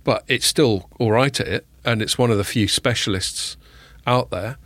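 A man hosting a casual tech podcast, joking with quick asides and plenty of fillers. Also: medium pitch, fairly bright tone, no room sound. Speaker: podcast host.

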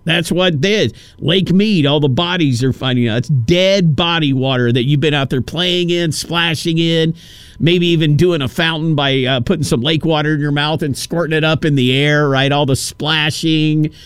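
A man's voice: a little high, moderate pace, clean tone, no room sound. Chatty man hosting talk radio. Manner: rambling, storytelling with acted-out quotes. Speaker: radio talk show host. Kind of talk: casual radio monologue.

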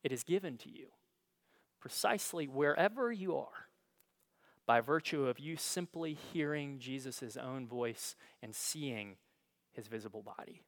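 A male pastor preaching a sermon, telling the story dramatically and swinging between hushed and emphatic delivery. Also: mid-range voice, lively intonation, a little slow. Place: church.

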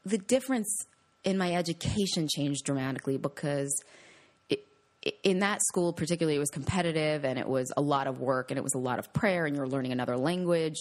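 Woman from Long Island, news anchor type, low voice, animated storyteller in a casual sit-down. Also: a little fast. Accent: General American, faint Long Island. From Long Island, New York. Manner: animated storytelling, jumps up in pitch with laughs. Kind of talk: casual interview chat.

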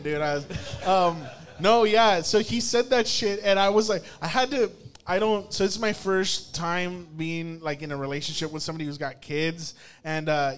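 A young man telling a story casually, animated and swearing, laughing often and restarting his sentences. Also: high-pitched.

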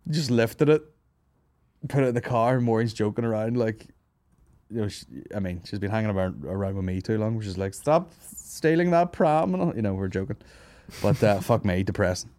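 A man's voice: fairly low pitch, steady tone, a little fast, warm tone, no room sound. A Northern Irish man in his thirties hosting a comedy podcast, telling a long, sweary story and laughing his way through it. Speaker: podcast host. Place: studio office.

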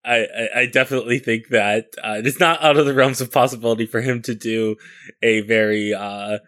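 A man's voice: mid-range voice, fairly even intonation, brisk, a bit bright, no room sound, studio quality. A man playing a tabletop game, laid-back and joking as he describes his character's actions. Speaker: player.

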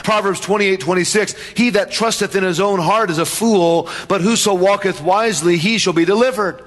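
A man's voice: high voice, normal speed, fairly bright tone, in a large hall. A man preaching a sermon as pastor, emphatic, with repeated refrains and questions to the congregation.

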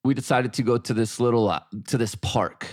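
A man's voice: mid-range voice, fairly quick, dry recording. Dry-sounding man telling a story. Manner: animated storyteller, quoting himself and his wife. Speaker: podcast co-host. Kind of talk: casual chat.

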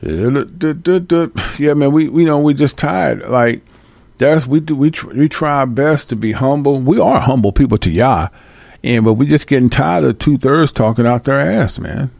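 Male livestream host with a gritty, mid-pitched voice, blunt and profane, given to loud outbursts. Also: lively intonation, unhurried, vocal fry, no room sound. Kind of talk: casual livestream rant.

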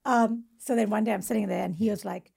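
A woman's voice: mid-range voice, steady tone, fast, gravelly, darkish tone, slightly rough. A woman comedian on a podcast, casually telling a story from her school days, restarting often and laughing. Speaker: comedian guest.

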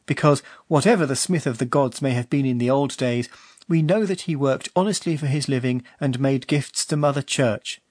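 A man voicing a kindly old abbot in an audiobook reading, with measured, grave delivery. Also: mid-range voice, darkish tone, no echo, clean studio sound, lightly acted. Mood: solemn. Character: kindly old male abbot, gentle and solemn.

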